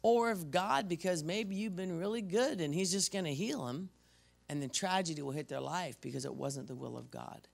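A woman pastor giving a conversational sermon, telling personal stories and sometimes dropping to a hush for effect. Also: on the low side, normal speed, creaky.

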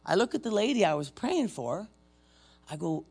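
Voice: medium pitch, very animated, moderate pace, creaky, a little mellow, breathy edge. A preacher giving a sermon and retelling a story, talking casually and asking the audience questions. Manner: conversational, asks the audience questions.

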